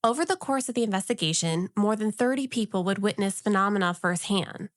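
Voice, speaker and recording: A woman's voice: mid-range voice, animated, brisk, dry recording, clean studio sound. A woman co-hosting a podcast, telling a story in a casual, wry and jokey way. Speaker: podcast co-host.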